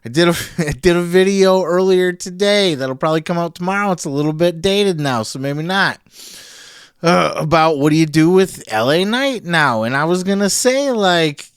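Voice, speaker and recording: A man reviewing a wrestling show in casual solo commentary, profane and animated, laughing often. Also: high voice, smooth, dry recording, clean studio sound.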